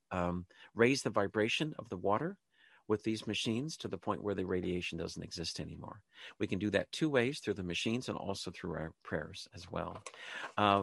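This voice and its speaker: Low-voiced man, rambling host monologue. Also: fairly bright tone, no room sound. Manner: rambling, many ums and restarts, leads group prayer. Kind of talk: casual spoken talk show monologue.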